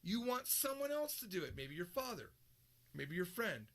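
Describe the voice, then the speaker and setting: A man teaching a recorded language lesson, explaining with lively, joking examples. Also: high-pitched, moderate pace. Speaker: Japanese teacher.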